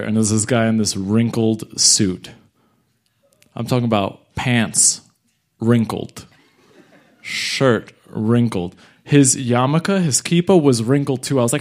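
A young man, a stand-up comic, telling a story live and acting out other people's lines. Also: mid-range voice. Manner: animated, acts out other people's lines in quick bursts. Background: audience laughter.

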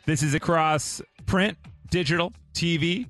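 A man hosting a morning radio show, playful and quick to laugh. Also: fairly high pitch, a bit bright, no room sound, faint music behind. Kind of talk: casual radio banter. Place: radio studio.

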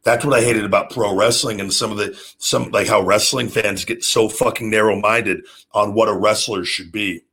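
Man, husky gravelly voice, show host, pro wrestler, profane, brash, unscripted. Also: fairly low pitch, steady tone, normal speed, pushed and bright. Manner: profane, brash, swears constantly; acts out wrestling moves with rising energy. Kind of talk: unscripted solo talk.

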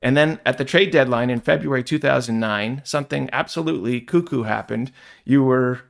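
Gravelly-voiced male interview host. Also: medium pitch, a little fast. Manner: recaps the guest's career in a scripted way. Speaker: podcast host. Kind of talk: interview questions.

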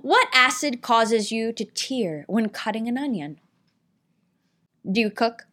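A woman hosting a comedy talk show, firing off quiz questions with deadpan, mock-insulting jabs at her guest. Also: a little high, slow pace. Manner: dry, mock-insulting quizmaster.

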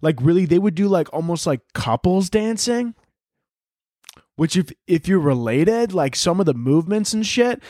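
Speaking at a moderate pace in a high-sitting voice, a young man hosts a solo comedic podcast while nursing a sore throat. His storytelling is profane and animated, with shouting when he imitates people, captured in a dry, clean studio recording.

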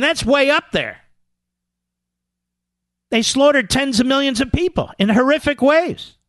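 Male talk radio host: high, swooping delivery, sarcastic and emphatic, dry studio sound. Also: fairly bright tone, no room sound. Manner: sarcastic, mocks opponents in put-on voices; emphatic, repeats words for effect. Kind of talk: political talk radio monologue.

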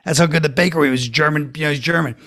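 A man's voice: on the high side, fairly even intonation, rapid-fire, gravelly, a bit bright, no room sound. A man, a guest comedian, telling rambling anecdotes in a dry way. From Brooklyn, New York. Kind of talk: casual chat, storytelling.

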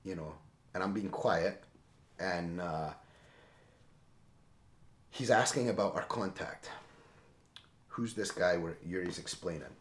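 Guest storyteller: deep male voice, emphatic and animated, in a roomy echoey space. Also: slow pace, long pauses. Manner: animated, emphatic, tags lines with "right?". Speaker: interview guest. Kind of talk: casual storytelling. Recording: roomy echo.

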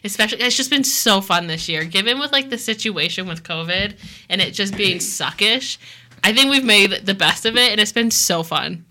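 Bright-voiced young woman chatting. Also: mid-range voice, normal speed, slight background noise. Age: young adult. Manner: animated, rambling, laughs often. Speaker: student news editor, podcast co-host. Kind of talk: casual chat among friends.

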